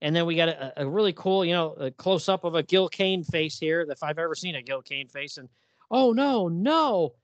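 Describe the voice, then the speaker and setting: A man's voice: a little high, a little fast, hardly any pauses, no room sound, lo-fi sound. A man co-hosting a casual podcast about old horror comics, reading the dialogue aloud in playful voices. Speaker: podcast co-host. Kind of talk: casual comic book discussion.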